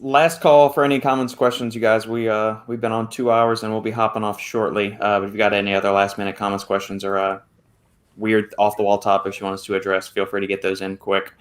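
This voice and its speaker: A man's voice: on the low side, little pitch movement, fast talker. A man hosting a livestreamed podcast, easygoing, reading out viewer comments and thanking donors. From America. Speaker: podcast host. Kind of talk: casual chat, livestream hosting.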